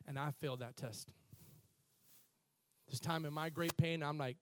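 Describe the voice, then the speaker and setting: A man preaching a sermon as pastor, building from quiet, halting passages to loud, impassioned peaks. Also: on the high side, fairly even intonation, no echo.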